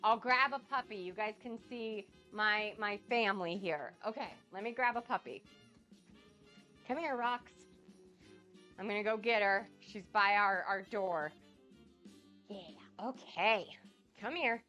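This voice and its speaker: A young woman getting over a cold, chatting excitedly with viewers on her cooking live stream. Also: medium pitch, measured pace, pauses often, soft background music. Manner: bubbly, gushing and excitable. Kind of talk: casual live-stream chat.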